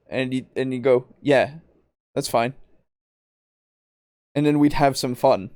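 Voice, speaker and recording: A man's voice: mid-range voice, slow pace, pauses often, a little mellow, no room sound, studio quality. A man hosting a podcast, ranting in exasperation, swearing often and laughing mid-sentence. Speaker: podcast host.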